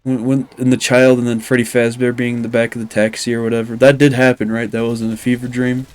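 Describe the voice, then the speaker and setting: Young man, mid pitch, casual rambling commentary, filler-heavy, self-deprecating jokes. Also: little pitch movement, fast talker, smooth. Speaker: commentary YouTuber.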